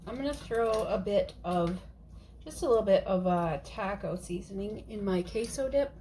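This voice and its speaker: A woman's voice: mid-range voice, lively intonation, moderate pace, mellow, slight background noise. A woman chatting casually as she cooks in her home kitchen, rambling and talking to her cat. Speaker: vlogger. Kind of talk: casual cooking vlog chat.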